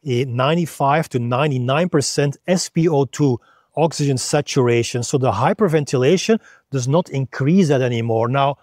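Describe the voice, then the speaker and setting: A man's voice: medium pitch, normal speed, a little mellow, no echo, clean studio sound. A man, a freediving instructor, patiently explaining breathing step by step in a video lesson.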